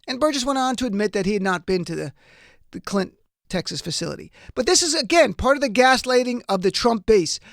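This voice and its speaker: A man's voice: very high voice, animated, fairly quick, vocal fry, dry recording, clean studio sound. A man hosting a political talk show, delivering emphatic, indignant commentary. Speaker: radio talk show host.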